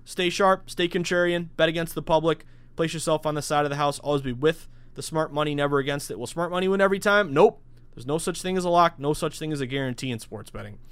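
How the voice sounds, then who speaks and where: A man in his thirties hosting a sports betting podcast alone, talking in a hyped, salesy rush with sudden loud bursts. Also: medium pitch, smooth, dry recording. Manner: hyped, salesy, rapid-fire with bursts of shouting. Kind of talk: solo podcast monologue.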